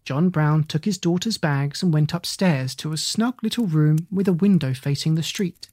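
A narrator reading a children's novel aloud in a measured, even storytelling manner, on a close mic. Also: medium pitch, no echo. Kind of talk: audiobook narration.

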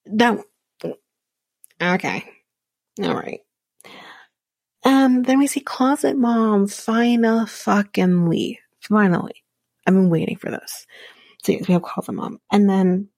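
A woman's voice: on the low side, gravelly, a little mellow, slightly rough, no room sound. A woman podcast host giving a casual TV episode recap, chatty with wry sarcastic asides.

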